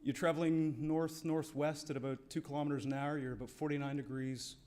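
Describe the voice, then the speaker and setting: A man's voice: a little high, steady tone, brisk, a little mellow. A man presenting an award at an evening banquet, telling a wry parable with dry asides to the room. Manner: wry storytelling, playing to the room. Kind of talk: after-dinner speech with a joke. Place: banquet hall.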